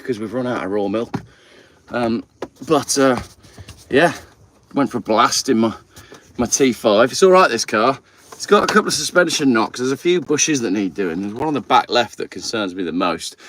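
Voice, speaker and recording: A man's voice: medium pitch, fairly bright tone, a little hiss or hum. Chatty man livestreaming. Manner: chatty, rambling, greets viewers while working. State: a little out of breath. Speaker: channel host. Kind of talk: casual livestream chat. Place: outdoors by his car.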